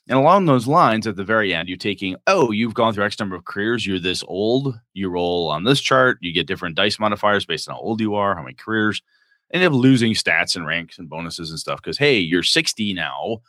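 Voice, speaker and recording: Podcast co-host, male, very low and bright voice, dry close sound, rambling casual talk. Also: dry recording. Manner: rambling, thinks aloud with restarts. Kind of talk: casual chat about role-playing games.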